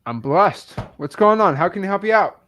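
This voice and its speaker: A man in his twenties, a coach hosting a live call, relaxed and teasing, with plenty of fillers. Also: high-pitched, normal speed. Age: 20s. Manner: laid-back, teasing, with many fillers.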